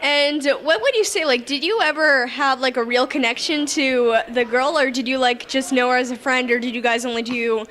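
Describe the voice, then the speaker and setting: A woman's voice: high voice, moderate pace, few pauses, fairly bright tone. A woman reporter asking eager, effusive interview questions with lots of fillers. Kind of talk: casual interview.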